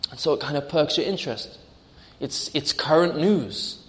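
A man's voice: a little high, normal speed, big-room sound. A male preacher delivering a sermon, storytelling through a vivid imagined scene.

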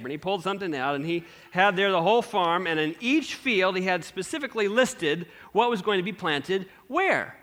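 A male pastor preaching a sermon through an animated story, asking the congregation questions. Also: high-pitched, moderate pace, few pauses.

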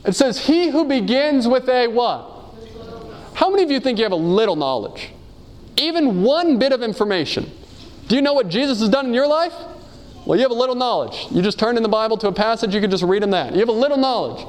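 High-voiced man preaching earnestly. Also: big pitch swings, a little fast. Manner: earnest, asks the audience many rhetorical questions; reads quotations aloud and tells personal stories. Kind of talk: sermon.

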